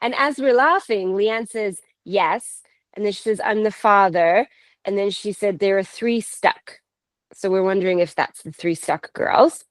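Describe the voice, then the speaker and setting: Slow-talking woman telling a ghost story. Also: mid-range voice, no echo. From Canada. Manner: animated, laughs often, quotes others. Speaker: paranormal investigator guest. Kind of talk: casual storytelling.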